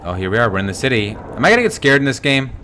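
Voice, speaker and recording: A man's voice: mid-range voice, sing-song, racing, pushed and bright, slight background noise. A young man giving live gameplay commentary as a streamer, jumpy and swearing, with sudden yelps and squeals. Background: game music.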